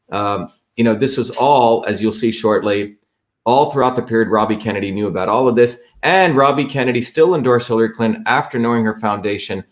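A man of average pitch hosts a livestream and walks his viewers through a website. He talks emphatically and repeats his points. He keeps checking that the audience is following along. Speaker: livestream host.

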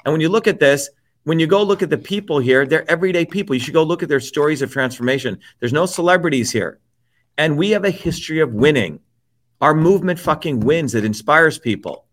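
A man who is a guest on an interview show, delivering a heated political rant that is profane, forceful and repetitive. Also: on the high side, animated, a little fast.

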